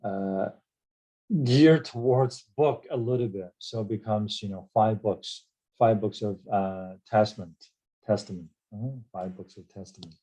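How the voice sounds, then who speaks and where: A middle-aged man teaching vocabulary in an unhurried, measured way, with a low, mellow voice. He explains word roots and spells each word out letter by letter. He keeps checking in with "right?" and fills his pauses with "uh". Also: rough recording. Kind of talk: recorded vocabulary lesson.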